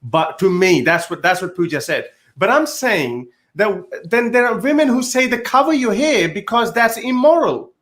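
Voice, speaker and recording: A man debating on a podcast, his voice pitched a little high for a man. He presses his case insistently, often restarting his sentences mid-thought. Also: very animated, normal speed, hardly any pauses, fairly bright tone. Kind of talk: casual podcast discussion.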